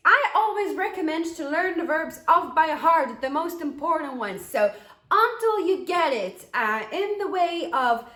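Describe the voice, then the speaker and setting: A woman teaching a language lesson in a high, lively voice, drilling words slowly. She is a Polish native speaker, and her voice rings in an echoey room. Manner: animated, slow repeated model pronunciations.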